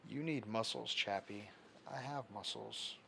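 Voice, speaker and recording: A young man hosts a livestream, talking in a loose, rambling way as he reads out viewer comments and fiddles with his setup. His voice sits on the low side. There is faint background noise around him. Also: a little slow, creaky, bright, forceful tone. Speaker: livestream host. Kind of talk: casual livestream chat.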